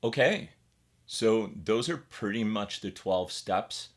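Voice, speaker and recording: A man's voice: on the low side, animated, slow pace. An American man giving a casual, step-by-step guitar setup tutorial, chatting informally while he works on the instrument. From United States.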